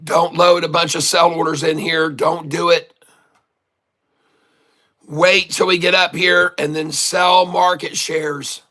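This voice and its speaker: A man hosting a live day-trading stream, hoarse from long hours of talking, who coaches viewers in a folksy way, repeats his instructions and keeps calling them folks. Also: a little high, flat delivery, slow pace, bright, forceful tone. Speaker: day-trading livestream host. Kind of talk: live trading commentary to chat.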